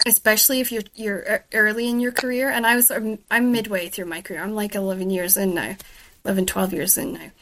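A woman's voice: mid-range voice, steady tone, quick pace, a bit bright. A Scottish woman and author hosting a casual interview, chatty and enthusiastic as she tells stories about her writing life. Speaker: host and author.

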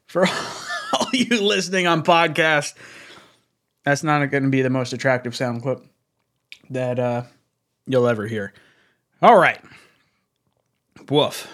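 Young adult man, livestream host, excitable, lively pitch, slow unhurried delivery. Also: vocal fry. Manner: excitable, laughs often, reads chat aloud. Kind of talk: casual fan livestream chat.

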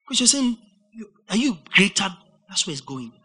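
A man preaching a verse-by-verse Bible study sermon, animated and rising to near-shouts for emphasis. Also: high voice, moderate pace, slightly rough.

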